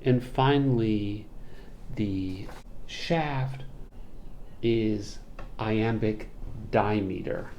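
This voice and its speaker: A man giving a poetry lecture, explaining meter and reading verse aloud with slow, careful scansion. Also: fairly low pitch, darkish tone, slight background noise. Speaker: literature lecturer.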